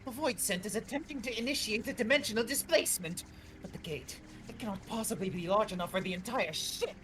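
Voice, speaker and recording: An alarmed ship officer barks urgent reports in a raised, theatrical voice, as a man reads the lines aloud. Game music plays softly behind. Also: high-pitched, a little fast, voice pushed up.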